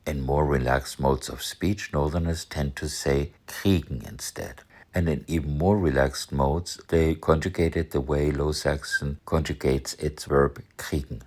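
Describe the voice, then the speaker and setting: A man from northern Germany with an extremely deep, gravelly voice and a husky edge. He talks slowly, in a dry, measured lesson tone, explaining words one by one. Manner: dry, measured, with example sentences read in German. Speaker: language educator.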